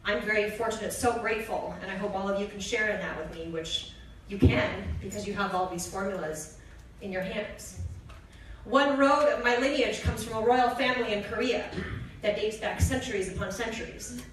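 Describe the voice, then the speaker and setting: A woman's voice: mid-range voice, moderate pace, slight background noise. A woman in her thirties giving a chatty talk on stage, a little out of breath, with laughing asides. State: winded. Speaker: speaker presenting products on stage. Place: stage in a large hall. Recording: roomy hall sound from a distant mic.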